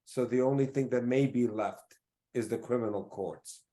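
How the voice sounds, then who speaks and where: A middle-aged man delivers a formal statement at a press conference. He speaks in a measured, deliberate way, stopping often on fillers as he builds his points. His voice sits at an ordinary middle pitch. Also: mellow.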